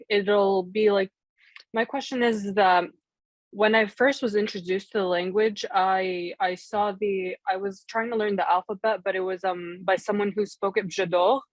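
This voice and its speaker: A woman's voice: medium pitch, dry recording. A woman student asking a question in an online class, hesitant and searching for words.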